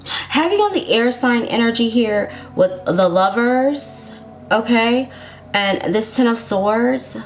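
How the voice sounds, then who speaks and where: A woman's voice: on the high side, expressive, slow. Woman tarot reader addressing viewers directly, sassy, chatty and reassuring, laughs often, faint background noise. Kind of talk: casual tarot love reading to camera.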